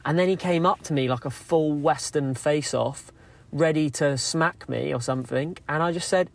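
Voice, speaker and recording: Lively man telling a cycling story. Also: a little high, normal speed, gravelly. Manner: lively storyteller, acts out quotes. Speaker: listener sending in a story. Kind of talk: recorded voice note story.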